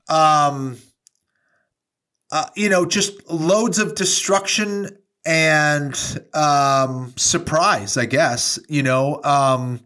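Slow, hesitant man with a bright voice. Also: a little high, animated. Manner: hesitant, many fillers and restarts. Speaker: guest. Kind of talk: casual interview.

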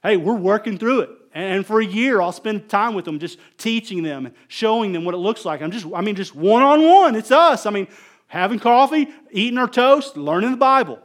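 Middle-aged male pastor, high voice, casual sermon, animated storyteller, loud bursts and hushed asides. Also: a little fast. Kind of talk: conversational sermon.

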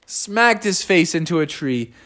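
A man's voice: on the high side, animated, a little slow, fairly bright tone. Casting: young father improvising a bedtime story, playful and loose. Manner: playful, rambling with casual slang.

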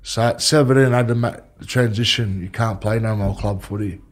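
A man's voice: fairly low pitch, fairly even intonation, a little fast. A man with an Australian accent, a former rugby league player, telling rambling stories and swearing freely in casual chat.

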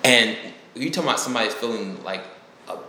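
A man telling a personal story as an interview guest, reflective and halting. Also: mid-range voice, animated, sharp tone. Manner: reflective, halting, with acted quotes. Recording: echoey room with faint noise.

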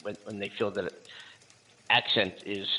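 A man co-hosting a casual talk show, speaking haltingly with many fillers and restarts and laughing often. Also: on the low side, flat delivery, pushed and bright, poor audio. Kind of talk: casual chat.

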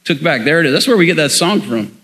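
Man, pastor, call-and-response sermon, slightly high voice, echoing church hall. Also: expressive, fast talker, fairly bright tone. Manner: call-and-response preaching, breaks into song.

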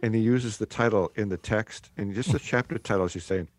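Enthusiastic low-voiced radio co-host. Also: male voice, a little fast, slight background noise. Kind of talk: casual chat.

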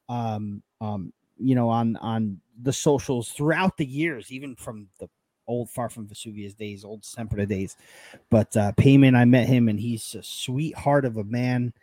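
A man's voice: mid-range voice, no echo. A man co-hosting a casual live football podcast, friendly and chatty. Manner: friendly, chatty, warm praise for fans. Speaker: podcast co-host. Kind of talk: casual live-stream chat.

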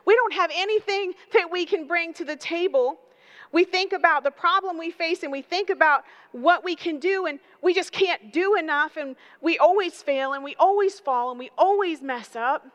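A woman preaching a sermon, building emphatic repeated phrases and telling animated stories. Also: very high-pitched, moderate pace, highs cut off. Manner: animated storytelling with acted voices.

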